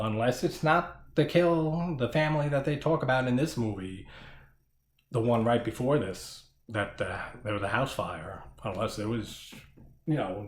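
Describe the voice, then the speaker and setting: A man's voice: lowish voice, roomy sound. A man giving a casual horror movie review who laughs often, swears casually and rambles.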